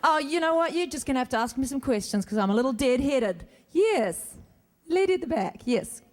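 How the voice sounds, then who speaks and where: Speaking briskly and expressively in a high voice, a woman answers fans' questions as an actor guest on a convention Q&A panel. Using a stage mic in a large hall, she chats, jokes, puts herself down, and frequently restarts.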